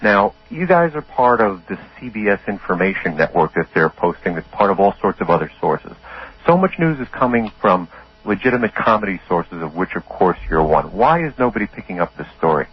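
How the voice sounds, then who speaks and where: A man calls in to a radio show and makes a long, earnest point. His voice is husky and a little low, and his pitch moves a lot. The line sounds dull and lo-fi. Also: big pitch swings, fairly quick. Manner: earnest, rambling. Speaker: caller. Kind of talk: call-in comment.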